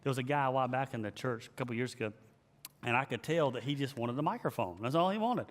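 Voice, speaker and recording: A man who is a pastor, giving an emphatic, animated leadership teaching and repeating his key phrases. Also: mid-range voice, fast talker. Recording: long hall reverb.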